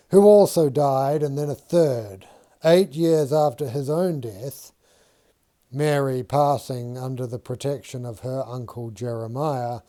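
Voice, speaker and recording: A man reading a novel aloud in a measured, unhurried storytelling manner. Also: medium pitch, dark tone. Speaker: audiobook reader.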